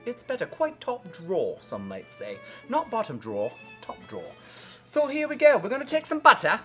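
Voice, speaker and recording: A woman's voice: mid-range voice, huge pitch swings, normal speed. A woman voicing a fussy, perky British woman TV cook in a put-on British accent, with twee, silly asides. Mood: chirpy. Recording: background music.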